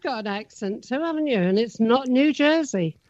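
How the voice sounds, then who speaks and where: A woman's voice: a little high, lively intonation, moderate pace, darkish tone, no room sound, muffled recording. A woman with a South London accent, chatting as a podcast co-host and laughing easily. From England. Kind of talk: casual chat.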